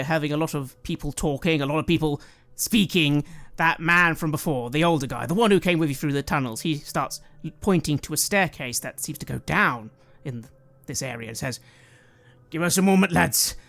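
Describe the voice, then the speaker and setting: A man narrating a tabletop game as game master, calm and descriptive. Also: on the high side, moderate pace, dry recording. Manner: calm, descriptive, softening for emotional moments.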